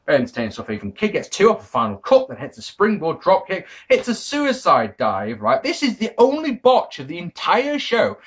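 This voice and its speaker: Excitable man reviewing wrestling. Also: sits high, brisk, hardly any pauses, husky. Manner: excitable, swears freely, self-correcting. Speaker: video reviewer. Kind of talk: casual wrestling DVD review.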